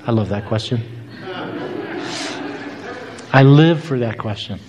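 A man's voice: medium pitch, fairly quick, big-room sound, dull audio. A man preaching a sermon, telling a personal story and acting out both sides of a conversation.

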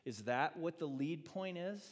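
A man preaching a sermon as pastor in a church, acting out quoted speech and swinging from loud, emphatic lines to quiet ones. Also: a little high, lively intonation, unhurried. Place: church sanctuary. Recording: long reverb of a church hall.

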